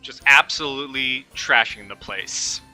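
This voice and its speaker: A man narrating a tabletop fantasy session as game master. He talks casually with fillers, in a very bright voice. Faint music plays in the background. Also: medium pitch, unhurried.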